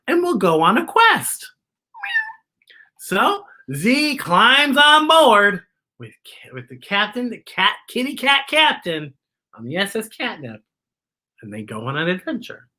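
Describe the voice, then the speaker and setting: A woman reads a children's picture book aloud, slow and animated, her pitch swooping up and down. Her voice sits on the low side but sounds bright, and she breaks off for chatty remarks about the pictures. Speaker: children's story reader.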